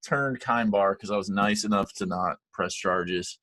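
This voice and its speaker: Man, low voice, casual podcast chat, laughs a lot, dry close mic. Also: unhurried, dry recording. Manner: animated storyteller, laughs often, swears freely. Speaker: podcast co-host.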